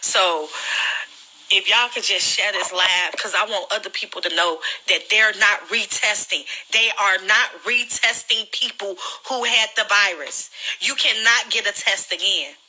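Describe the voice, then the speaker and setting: A woman with a very bright, cutting voice talks into her phone on a livestream. She sounds earnest and pleading, and she is fighting back tears. Her delivery is direct and personal, like she is talking to friends. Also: medium pitch, measured pace, rough recording. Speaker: livestreamer sharing her illness experience. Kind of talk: emotional direct-to-camera livestream.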